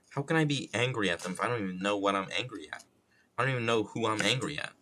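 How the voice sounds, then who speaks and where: A man's voice: fairly low pitch, a little fast, pushed and bright, a little hiss or hum. A man from New York streaming live, rambling casually in a self-mocking, loosely profane way with a plain, neutral accent.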